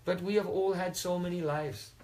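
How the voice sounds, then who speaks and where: A man voicing a calm young sage who answers a king with patient reasoning. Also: high voice, moderate pace, lightly acted, low-quality recording.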